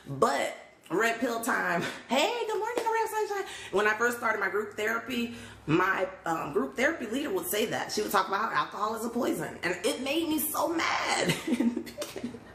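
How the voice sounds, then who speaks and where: A woman's voice: fairly high pitch, animated, moderate pace, a bit bright, a little hiss or hum. Woman live-streaming from her phone, chatty and laughing, echoey room. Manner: chatty, laughs often, greets viewers. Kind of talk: casual livestream chat. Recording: roomy echo.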